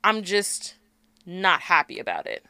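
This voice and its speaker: A woman's voice: lowish voice, sing-song, unhurried, vocal fry, sharp tone, clear, resonant tone, no echo. A woman in her twenties co-hosting a podcast, talking candidly in a casual chat, turning sassy and fiery. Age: 20s. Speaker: podcast co-host.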